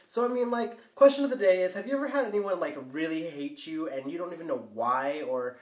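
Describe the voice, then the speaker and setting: A teenage boy vlogging a casual rant, rambling and filling every pause with "like" and "um". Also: fairly high pitch. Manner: rambling, full of "like" and "um". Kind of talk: casual ranting vlog. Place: bathroom floor. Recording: echoey bathroom, mic at a distance.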